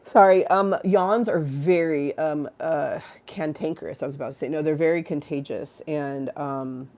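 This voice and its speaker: Low-voiced, tired, rambling woman host. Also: normal speed, a little mellow. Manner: rambling, self-mocking, laughs often, reads chat aloud. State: tired, yawning. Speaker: livestream talk show host. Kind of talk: casual livestream chat.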